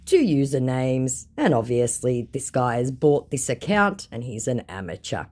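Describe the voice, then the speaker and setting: A woman's voice: rumbling low, sing-song, measured pace, darkish tone. A woman narrating chat screenshots from a scam-baiting exchange, speaking in a mocking, amused way. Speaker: scam-baiting video creator.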